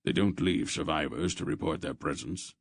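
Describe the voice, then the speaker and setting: A man voicing an old male sorcerer who speaks calmly and decisively, as a storybook figure. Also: extremely low pitch, moderate pace, vocal fry, slightly rough, dry recording, studio quality, exaggerated voice. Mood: commanding. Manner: calm, decisive.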